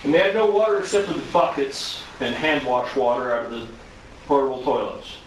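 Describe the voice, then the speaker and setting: A man's voice: mid-range voice, a little fast, slight background noise. A man teaching a first responder safety course, telling an incident story with rhetorical questions to the class. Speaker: safety trainer. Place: arena recreation centre. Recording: distant, very echoey hall.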